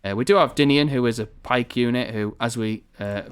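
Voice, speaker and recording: A man's voice: medium pitch, a little fast. A man from northern England giving rambling, chatty commentary on a strategy game, swearing casually as he plays. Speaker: gaming video host.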